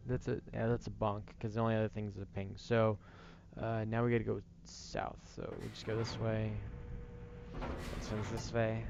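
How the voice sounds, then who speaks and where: A man's voice: on the low side, monotone, normal speed, creaky, lo-fi sound, noisy background. A man casually commenting while playing a game late at night, laid-back and self-deprecating, sounding tired. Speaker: gaming streamer. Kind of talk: casual let's-play commentary.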